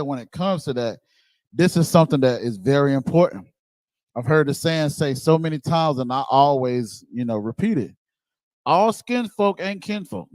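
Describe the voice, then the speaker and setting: A man giving a blunt, casual preaching talk, animated and swearing freely. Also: mid-range voice, no echo. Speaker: speaker on a religious group's show.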